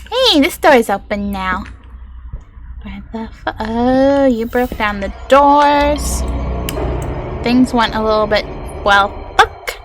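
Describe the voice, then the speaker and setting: A woman's voice: a little high, lively intonation, slow pace, a little hiss or hum. A woman streaming a horror game live, chatting to her viewers in a chatty, self-mocking way, swearing and joking.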